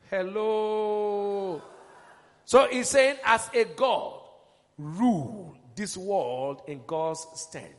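A man preaching a sermon, emphatic and rousing, calling questions to his congregation and rising into shouts. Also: high-pitched, animated, drawn-out words, in a large hall.

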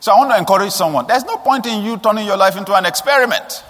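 A man's voice: rapid-fire, fairly bright tone. Man preaching in a ringing hall. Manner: storytelling, with rhetorical questions and sudden high emphatic rises. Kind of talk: sermon.

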